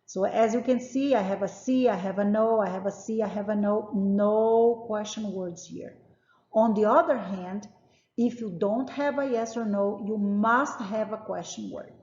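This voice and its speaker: A woman's voice: mid-range voice, a little slow, darkish tone. A woman teacher walks through grammar examples with patient emphasis, repeating each point. Her voice rings in a roomy space with a long, hanging reverb. The sound is dull and lo-fi. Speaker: Spanish teacher. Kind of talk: classroom lesson explaining grammar.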